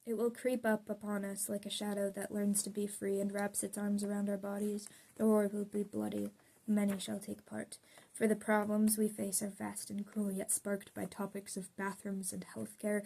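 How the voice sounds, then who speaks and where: A woman's voice: mid-range voice, completely flat delivery, moderate pace, vocal fry, dark tone, husky. Young woman reading her own poems. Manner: earnest, confessional delivery. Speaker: poet.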